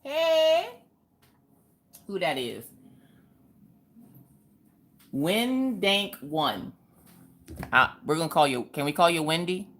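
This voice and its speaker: Calling out her viewers by name, a livestream host chats slowly with long pauses, her lively voice rising and falling in pitch. She keeps it easygoing and jokey, with playful exclamations and side remarks, over a little hiss or hum.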